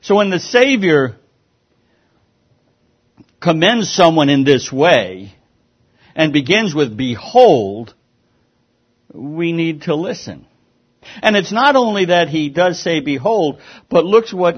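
A man preaching a sermon, lively and emphatic, often restarting his words. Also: high-pitched, measured pace, breathy edge. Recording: dull lo-fi sound.

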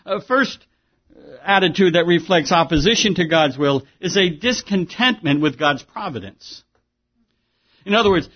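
Male pastor, somewhat high voice, conversational preacher given to restarts, dull lo-fi sermon recording.

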